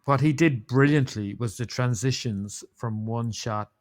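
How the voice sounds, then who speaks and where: A man's voice: mid-range voice, a little slow. An Irish man co-hosting a podcast, rambling through an amused story about a film with plenty of fillers. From Ireland. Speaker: podcast co-host. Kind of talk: casual chat about a film.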